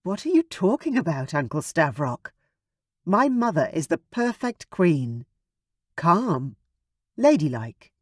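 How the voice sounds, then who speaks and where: A man voicing a heartbroken young dragon-shifter woman who bursts into shrill, screaming anger. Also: sing-song, slow, no echo, studio quality, exaggerated voice. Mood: defiant.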